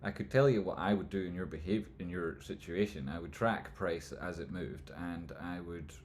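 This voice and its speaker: A man hosting a live stream, answering chat questions in rambling talk that trails off into mumbles and jumps to loud jokey bursts. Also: low-pitched, normal speed, a little hiss or hum. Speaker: livestream host answering chat. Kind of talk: casual live chat, stock chart commentary.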